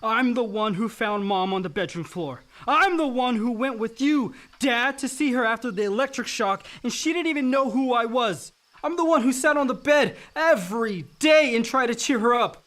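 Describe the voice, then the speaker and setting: Anguished grown son Chip. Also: male voice, very high-pitched, expressive, normal speed, a bit bright. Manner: raw and emotional, voice breaking. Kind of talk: radio drama acting.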